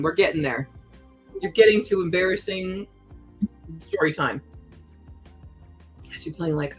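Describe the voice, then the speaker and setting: A young woman with a slightly low voice chats easily on a live stream, reading out viewer messages between remarks on her project. Quiet music plays underneath her. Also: poor audio. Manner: chatty, reads chat aloud, talks while crafting. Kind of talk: casual live-stream chat.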